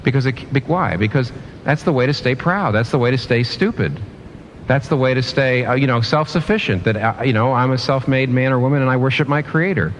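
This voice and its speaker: A man's voice: medium pitch, brisk, a little hiss or hum. A man preaching a sermon in an earnest way, often restarting and repeating phrases for emphasis.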